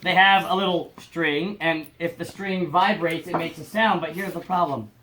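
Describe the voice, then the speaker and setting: A woman's voice: on the low side, moderate pace. A woman presenting a children's science show, coaxing the young audience to join in. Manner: animated, coaxing audience participation. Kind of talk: lively interactive demonstration for kids. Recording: noisy home video recording.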